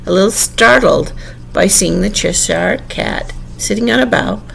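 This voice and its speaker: A woman reading a classic children's story aloud at an unhurried pace, now and then correcting a slip. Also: medium pitch, expressive, gravelly, fairly bright tone, a little hiss or hum, poor audio. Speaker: narrator.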